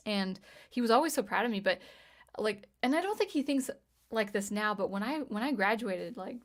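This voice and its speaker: A woman in her thirties chatting casually on a livestream as she reads viewer comments, talking in a halting way with frequent restarts. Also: mid-range voice, lively intonation. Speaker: livestream host, music teacher and composer.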